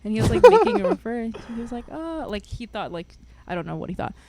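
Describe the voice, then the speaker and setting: A young woman co-hosting a podcast, telling a story in an animated, laugh-filled way with lots of fillers. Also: a little high, quick pace, a little hiss or hum. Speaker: podcast co-host. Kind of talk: casual chat, storytelling.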